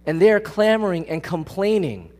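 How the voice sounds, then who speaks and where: A man's voice: high voice, sing-song, moderate pace, darkish tone. Man preaching in a reverberant hall. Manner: casual, emphatic, often asks the congregation questions. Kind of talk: conversational sermon. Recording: long reverb of a large hall.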